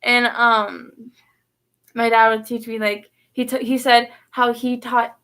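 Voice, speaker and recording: A woman's voice: on the high side, little pitch movement, slow pace, a bit bright. A woman vlogger telling a personal story in a rambling way, full of fillers and restarts. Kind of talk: casual storytelling vlog.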